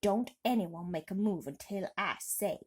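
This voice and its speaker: Lady doing a loud freaked-out fire chief guy, kinda breathy. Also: mid-range voice, expressive, unhurried. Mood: panicky. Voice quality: loud, blustering. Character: blustering, panicky male fire chief.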